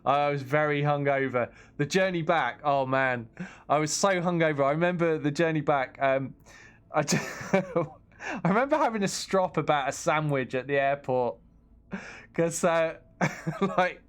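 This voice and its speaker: A man's voice: a little high, moderate pace, clean tone. An English man casually chatting on a game stream, reading chat and laughing at himself. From England. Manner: chatty, self-deprecating, laughs often, reads chat aloud.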